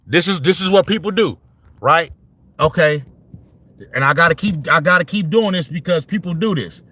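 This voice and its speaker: Male sports vlogger, high voice, heated and profane, repetitive slangy rant. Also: normal speed, sharp tone.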